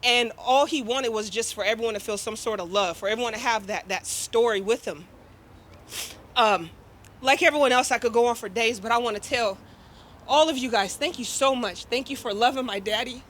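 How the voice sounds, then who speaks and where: Woman talking at her dad's memorial, casual and warm with the crowd, bright tone. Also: a little high, brisk. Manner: casual, heartfelt, chatty with the crowd. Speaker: eulogy speaker, daughter of the deceased. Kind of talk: emotional memorial speech. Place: memorial gathering.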